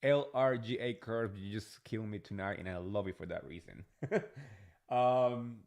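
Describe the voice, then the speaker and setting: Slow-talking chatty man recapping TV. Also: fairly low pitch. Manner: chatty, gossipy, animated; frank, swears freely. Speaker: host. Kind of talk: casual reality TV recap.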